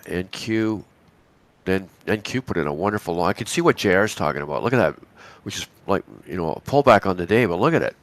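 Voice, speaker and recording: Deep raspy man with a cold. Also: no room sound. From Canada. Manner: rambling, chatty, with frequent restarts and asides. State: hoarse from a cold. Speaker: co-host of a live futures trading stream. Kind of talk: casual live market commentary.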